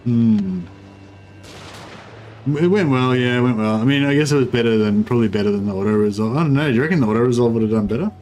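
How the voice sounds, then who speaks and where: A man's voice: mid-range voice, fast talker, darkish tone, slight background noise, poor audio. A man giving casual gameplay commentary as a streamer, muttering wryly about his own mistakes with plenty of fillers. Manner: wry, self-deprecating muttering with fillers. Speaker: game streamer.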